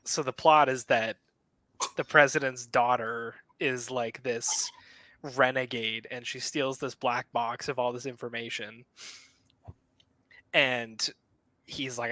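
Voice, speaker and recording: A young man on a casual film podcast, his voice bright and forward. He talks excitably, swears freely and laughs as he retells scenes, recorded dry and close. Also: mid-range voice, a little slow, no room sound, low-quality recording. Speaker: podcast co-host.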